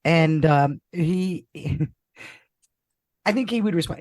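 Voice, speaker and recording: A woman's voice: sits low, slow pace, darkish tone. A woman hosting a casual interview podcast, chatty and playful, laughing often. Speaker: podcast host.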